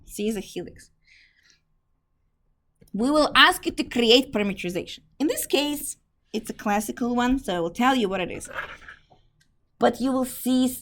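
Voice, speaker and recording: Woman math teacher, hoarse from a fever, somewhat high voice, casual lecture, keeps clearing her throat. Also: a bit bright. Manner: explains step by step, clears throat often.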